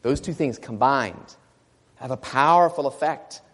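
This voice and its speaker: A man preaching a sermon, telling a story and rising to loud exclamations. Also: medium pitch, measured pace, big-room sound.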